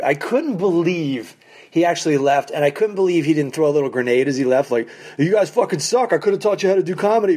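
Wry, profane comedian telling road stories. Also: male voice, fairly high pitch. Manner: animated, acts out quoted people in raised voices. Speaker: stand-up comedian, podcast host. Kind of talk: casual storytelling monologue. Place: basement of a condo.

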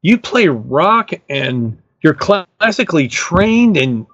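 An exasperated guitarist friend, put on by a man telling the story, jumps well above his usual pitch. He presses his point with emphatic, incredulous outbursts. The sound is dull and dry. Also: very animated, slow, fairly bright tone, husky, no echo, heavily acted. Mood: urging. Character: exasperated male guitarist friend, insistent prog fan.

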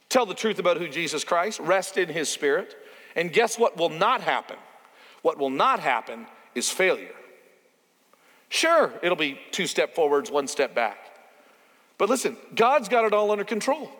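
A man's voice: fairly high pitch, big pitch swings, unhurried, long pauses, a bit bright. A man pastor preaching a sermon in a conversational way, asking his listeners rhetorical questions. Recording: long hall reverb.

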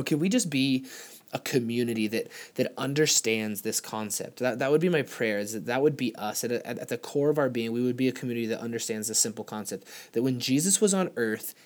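A young man preaching a sermon, telling a story earnestly and often restarting his words. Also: mid-range voice. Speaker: pastor.

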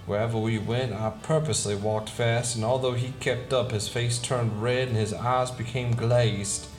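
A man reading a short story aloud in a soft, quiet, measured way. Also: mid-range voice, steady tone, soft background music. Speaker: narrator.

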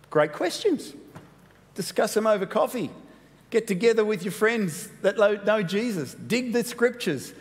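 A man preaching a sermon as pastor, animated and playful, with quick asides. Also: sits high. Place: church hall. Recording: long hall reverb.

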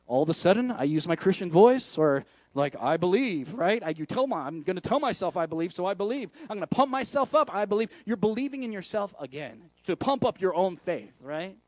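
A man's voice: high-pitched, lively intonation, fairly quick, hardly any pauses, no echo. A man preaching a sermon as a pastor, in a candid, conversational way full of rhetorical questions. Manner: candid and self-deprecating.

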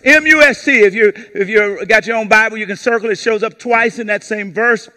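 A male pastor preaching a sermon to a congregation, calling on them to repeat key words back to him. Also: brisk. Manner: lively call-and-response preaching, asks the congregation to repeat words; acts out brief quoted voices in a lowered tone. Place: church service before a congregation.

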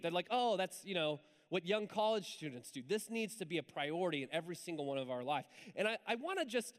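A man preaching a sermon in church, telling a story in a lively, conversational way with asides to the congregation. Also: high-pitched. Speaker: pastor. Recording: hall reverb.

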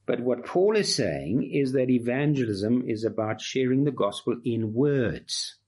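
A man's voice: medium pitch, lively intonation, unhurried, a little mellow, breathy edge. A man preaching an expository sermon, emphatic and fond of rhetorical repetition.

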